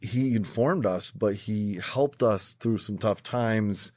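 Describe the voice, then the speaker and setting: A man's voice: fairly low pitch, a little mellow, no room sound, studio quality. Thoughtful man asking interview questions. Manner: thoughtful, measured questions with small restarts. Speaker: podcast co-host. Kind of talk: casual interview chat.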